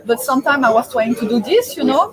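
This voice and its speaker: A woman's voice: high voice, big pitch swings, quick pace, crowd noise, poor audio. A French woman hosting a casual webinar chat in English with a French accent, chatty and hunting for words as she asks her guest questions. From France. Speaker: host. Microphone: video call.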